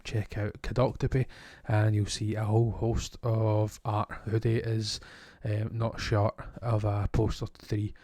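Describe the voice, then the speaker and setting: A man's voice: lowish voice, mellow, dry recording. A Scottish man co-hosting a podcast, chatting casually and rambling with asides. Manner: rambling, chatty, self-interrupting. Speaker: podcast co-host. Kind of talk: casual chat.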